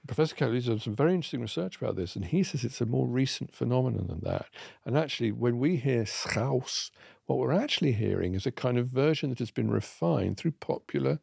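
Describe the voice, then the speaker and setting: Gravelly-voiced man explaining enthusiastically. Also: medium pitch, fairly quick, dry recording, studio quality. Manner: enthusiastic, explanatory, lively emphasis. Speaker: guest expert on accents. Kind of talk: conversational radio discussion.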